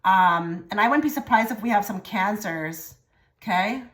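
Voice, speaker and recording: A woman giving a pick-a-card tarot reading to her viewers, rambling and repeating herself, often trailing into soft murmured phrases. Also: medium pitch, lively intonation, moderate pace. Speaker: tarot reader.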